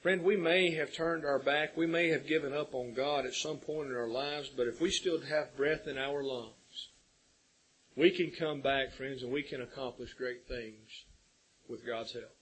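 A man's voice: medium pitch, fairly even intonation, measured pace, fairly bright tone, husky, rough recording. A man preaching a sermon, earnest and building to emphatic peaks.

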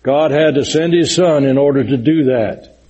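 A male preacher with a husky, fairly high, dark-toned voice teaches a Bible study at a moderate pace. He is earnest and explanatory, quoting scripture with emphasis in a sermon-style lesson, and the audio quality is poor.

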